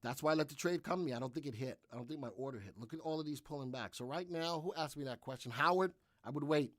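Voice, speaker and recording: A man hosts a live trading session with a somewhat high, energetic voice. He repeats his points and fields viewer questions as he narrates his trades. He is recorded dry and close to the mic. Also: fast talker, no room sound. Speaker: trading educator hosting a live trading room.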